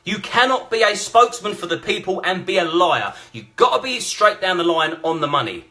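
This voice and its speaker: A man's voice: sits high, very animated, fairly quick, sharp tone. A blunt, combative man, ranting and swearing through live-stream commentary. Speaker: vlogger.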